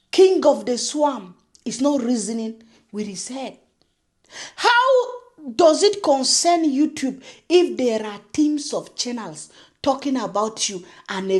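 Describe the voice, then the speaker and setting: A woman's voice: on the high side, a little mellow. A young woman vlogger ranting sarcastically, scolding and laughing often as she reacts. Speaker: YouTube commentary vlogger. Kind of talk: mocking reaction rant.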